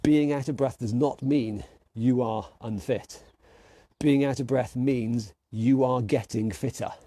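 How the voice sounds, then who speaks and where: A man leads an online fitness class, calling out punches and countdowns with cheerful encouragement. His mid-pitched voice is warm and mellow. The sound is close and dry. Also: steady tone, measured pace, no echo. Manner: upbeat, encouraging, calls out moves and counts. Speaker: fitness instructor. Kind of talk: online workout class coaching.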